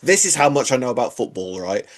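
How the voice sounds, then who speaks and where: A man's voice: mid-range voice, very animated, fast. A man co-hosting a podcast, chatting casually with dry, self-mocking humour. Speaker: podcast co-host. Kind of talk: casual chat.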